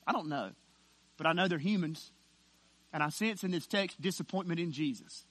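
A male pastor delivers an emphatic sermon, his voice sitting on the higher side. He sinks to a hush, then climbs back to loudness, stretching out slow, stressed words.

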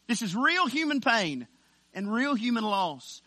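A man preaching a sermon as pastor, emphatic, dropping to a hush and then rising loud with slow stressed words. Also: extremely high pitch, big pitch swings, no room sound.

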